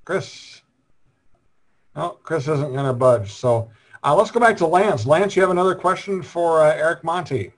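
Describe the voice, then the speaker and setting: A man's voice: a little high, expressive, moderate pace, poor audio. A man hosting an interview over a video call, prompting guests and repeating his questions. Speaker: show host.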